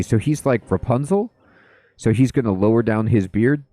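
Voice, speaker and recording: A man's voice: medium pitch, moderate pace, mellow, dry recording, faint music behind. A man playing a video game and thinking aloud as he goes, in a let's play commentary at a desk microphone. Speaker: gaming video host.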